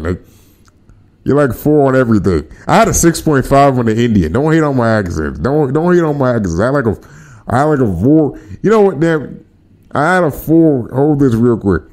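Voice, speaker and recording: A man's voice: mid-range voice, moderate pace. A man hosting a podcast livestream, chatting casually with his viewers in slang. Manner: animated, slangy, talks to chat. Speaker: podcast host.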